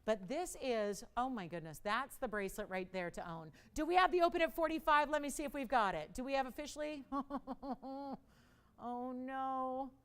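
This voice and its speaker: A young woman hosting a live jewelry sale on shopping TV, chatting away and poking fun at herself between bids. Her voice is fairly high and smooth. She pleads for bids with lots of theatrical flair. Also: animated, normal speed. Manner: chatty, self-mocking, dramatic pleas with laughter.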